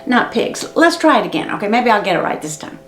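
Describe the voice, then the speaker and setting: Animated, sing-song woman reading to kids. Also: fairly high pitch, quick pace, roomy sound, loud music behind the voice. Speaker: children's librarian. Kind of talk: preschool story time reading and singing. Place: library room.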